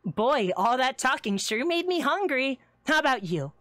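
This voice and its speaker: A high-pitched, very animated woman speaks at normal speed with a fairly bright tone, recorded in clean studio sound with no room noise. She's performing a cheerful, quirky young seafood restaurant owner, giggly and playful, in a live roleplay.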